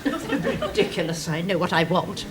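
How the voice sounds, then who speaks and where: A woman's voice: fairly low pitch, sing-song, measured pace, crowd noise. An actress playing a haughty married woman who talks down to others in an imperious, dismissive way. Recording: hissy old TV sitcom recording.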